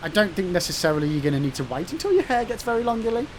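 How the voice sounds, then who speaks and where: An English man streaming a game, his voice leaping around with lively swings as he teases his chat and swears at the screen. His tone sits a touch high for a man. A steady noisy hiss runs under the recording. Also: racing. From England. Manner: teasing, swearing, sudden outbursts at the game. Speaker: gaming streamer. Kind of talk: live gameplay commentary with chat banter.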